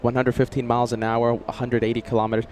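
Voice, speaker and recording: A man hosting a live plane-spotting stream outdoors near a runway, chatty and excitable, rambling as he reads chat aloud. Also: mid-range voice, fast, a little hiss or hum. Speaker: plane-spotting livestream host.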